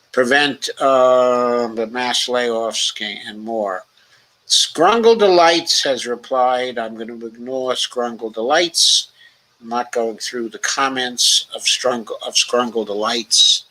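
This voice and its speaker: A man hosts a political livestream in an unhurried, deliberate way, reading out viewer comments and then answering them. He has a bright, forward voice and often stops on "um" between thoughts. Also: mid-range voice, rough recording. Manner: reads chat comments aloud, then remarks on them, with many "um" fillers.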